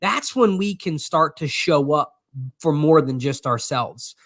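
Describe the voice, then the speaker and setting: A man with a somewhat high voice co-hosts a motivational faith talk. He preaches with fervent energy, circling back and repeating his phrases as he goes. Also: animated, a little slow, a bit bright, dry recording, clean studio sound. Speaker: co-host.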